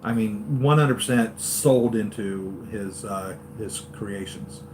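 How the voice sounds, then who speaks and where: A man hosting a live stream for his toy-collector channel, chatting excitedly and going off on tangents, with lots of fillers and restarts. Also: fairly low pitch, takes it slowly, noisy background. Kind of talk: rambling live-stream fan chat.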